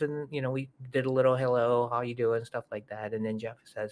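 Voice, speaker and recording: This is a middle-aged man chatting on a podcast, telling a story with plenty of energy. He keeps jumping into the voices of the people in it, pitching up for the quotes before dropping back to his easygoing, mid-range everyday tone. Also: fairly quick, hardly any pauses. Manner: animated, acts out quoted voices. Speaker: podcast host. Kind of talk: casual storytelling chat.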